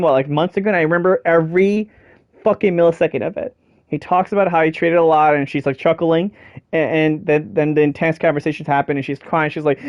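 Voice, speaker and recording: Young man, higher voice, heartfelt and rambling with lots of swearing, dry close recording. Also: darkish tone, dry recording. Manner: passionate, swearing, rambling with many fillers. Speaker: video creator. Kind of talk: casual emotional game discussion. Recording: dry, dull lo-fi home recording.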